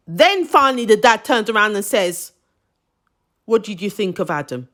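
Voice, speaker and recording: A woman's voice: medium pitch, fairly bright tone. A woman giving a casual, opinionated review of a TV drama, with emphatic, indignant asides.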